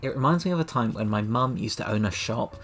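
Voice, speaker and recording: A man with a mid-range, fairly bright voice talks fast while casually reviewing a novel. Chatty and sardonic, he reads passages aloud and laughs often.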